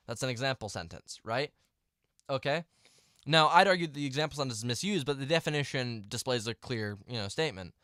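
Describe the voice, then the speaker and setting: A man's voice: medium pitch, animated, fairly quick, a bit bright, no echo, studio quality. A young man ranting to camera in a vlog, exasperated and rambling, with restarts and mumbled asides. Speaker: vlogger.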